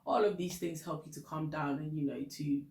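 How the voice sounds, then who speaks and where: Her voice sits low with a steady tone and a darkish quality, and she talks fairly quickly. This Ghanaian vlogger gives relationship advice candidly in Ghanaian English, laughing often, in a reverberant space.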